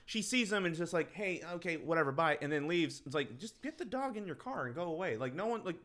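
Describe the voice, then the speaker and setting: Bright-voiced man recapping a movie. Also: on the high side, quick pace. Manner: profane, animated, acts out scenes. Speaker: podcast co-host. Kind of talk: casual movie recap chat.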